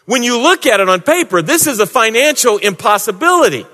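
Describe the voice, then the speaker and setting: A man's voice: extremely high pitch, big pitch swings, fairly quick. Preaching man in an echoing hall. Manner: swings from hushed prayerful tones to raised emphatic preaching. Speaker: pastor. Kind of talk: sermon. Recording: long hall reverb.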